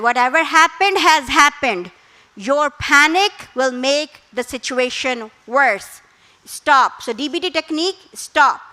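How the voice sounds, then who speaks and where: A middle-aged woman, a therapist, speaking as a guest speaker on parenting, calm and instructive. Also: high voice, rough recording. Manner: calm, instructive, with acted quotes. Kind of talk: parenting talk.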